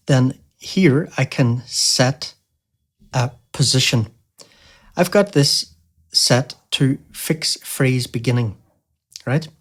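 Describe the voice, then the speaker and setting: A man hosting a music software tutorial, explaining casually with lots of fillers like "you know" and "um". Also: mid-range voice. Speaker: tutorial host. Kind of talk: screen-recorded software tutorial.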